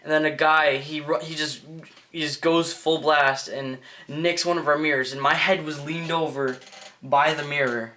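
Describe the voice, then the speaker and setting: A teenage boy vlogger telling a story in a rambling, excitable way, full of fillers and restarts. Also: fairly high pitch, moderate pace, slight background noise. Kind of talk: casual storytelling vlog.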